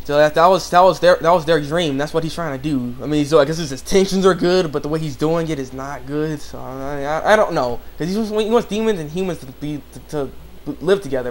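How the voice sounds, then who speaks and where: Young male anime reviewer, slightly high voice, casual and rambling. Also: slight background noise. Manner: rambling, full of fillers and restarts. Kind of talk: casual episode recap.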